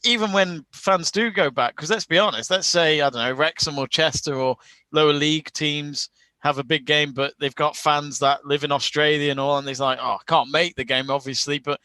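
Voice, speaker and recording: Bright, slightly high man; rambling, laughing watch-along co-host. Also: normal speed, smooth, no room sound. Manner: chatty, laughs often, rambling restarts. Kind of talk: casual chat over a live match.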